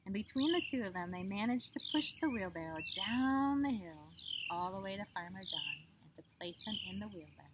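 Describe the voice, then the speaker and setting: A woman telling a children's story outdoors in an expressive, drawn-out storybook manner. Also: medium pitch. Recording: outdoor noise with birdsong.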